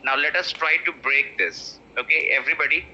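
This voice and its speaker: A man teaching pronunciation, repeating words slowly to stress syllables. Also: fairly high pitch, bright, forceful tone. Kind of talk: spoken English lesson. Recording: muffled lo-fi audio.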